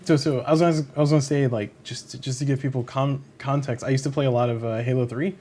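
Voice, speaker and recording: A man hosting a casual chat, throwing in quick, jokey interjections and eager questions. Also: mid-range voice, fairly even intonation, dark tone. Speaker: host.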